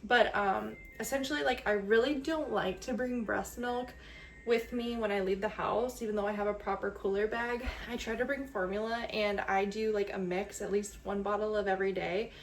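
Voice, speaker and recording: A woman's voice: mid-range voice, fairly even intonation, normal speed, a little hiss or hum. A young adult woman vlogging casually to camera, talking in a chatty, candid, sentimental way and leaning on lots of fillers. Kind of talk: casual vlog talk to camera.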